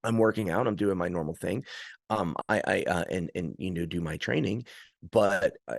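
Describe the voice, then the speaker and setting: Low-voiced man telling animated stories. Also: normal speed, creaky, dry recording, clean studio sound. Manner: rambling, animated storytelling with restarts. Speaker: arm wrestler and trainer, podcast guest. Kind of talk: casual podcast chat.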